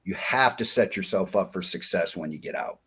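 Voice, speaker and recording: A man in his forties telling war-buddy stories in a folksy, animated way on a casual interview. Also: low voice, brisk, slightly rough. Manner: folksy, animated, acts out quoted dialogue. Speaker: podcast guest, diving company founder.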